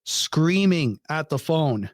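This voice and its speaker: A man as a podcast guest, telling a story in casual chat, animated and incredulous, swearing freely. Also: a little high, slow, no echo, studio quality.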